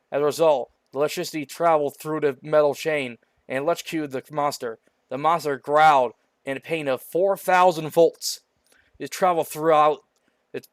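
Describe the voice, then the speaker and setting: Man reading a story aloud, casual, stumbles and restarts often, slightly high, dry close recording. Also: dry recording. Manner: stumbling over words, frequent restarts. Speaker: story reader.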